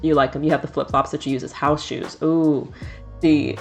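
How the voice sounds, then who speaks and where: A woman's voice: sits low, fairly even intonation, moderate pace, creaky, faint music behind. A woman in her thirties, a streamer chatting casually and laughing often while doing her nails. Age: 30s.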